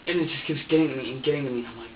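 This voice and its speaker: A man's voice: mid-range voice, racing, a little hiss or hum. A man under police interrogation, talking in an agitated, rambling way and swearing heavily. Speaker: interrogation suspect. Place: interrogation room. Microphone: distant room mic. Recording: dull echoey room audio from far off.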